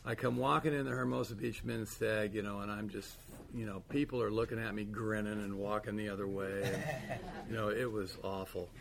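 A man's voice: on the low side, fairly even intonation, fairly quick, creaky, noisy background. A man giving a candid, wry personal share at a recovery meeting, telling his story with dry humor.

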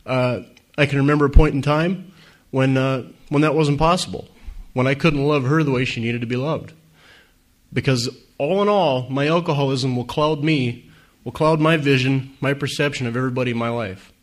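A man's voice: mid-range voice, normal speed. A man, giving an earnest, conversational personal testimony to a meeting audience, with many fillers. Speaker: speaker at a recovery meeting.

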